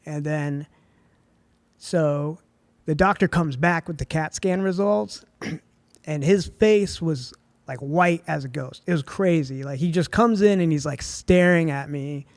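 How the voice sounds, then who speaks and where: A man's voice: fairly high pitch, unhurried, no echo. A man in his twenties, a podcast guest, telling a story casually with a lot of "like" and "dude". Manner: laid-back, heavy on "like" and "dude".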